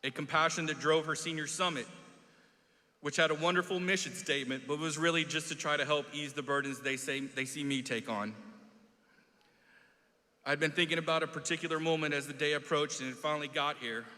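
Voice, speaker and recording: A man's voice: fairly high pitch, fairly even intonation, a little fast, sharp tone. A male teacher and coach giving a heartfelt introduction speech at a graduation, fighting tears. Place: large hall. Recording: echoey hall.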